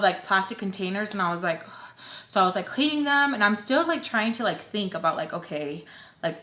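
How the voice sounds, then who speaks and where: A woman's voice: mid-range voice, pushed and bright, roomy sound. A young woman telling a storytime vlog in a casual rant, full of fillers and quoted back-and-forth. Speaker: vlogger.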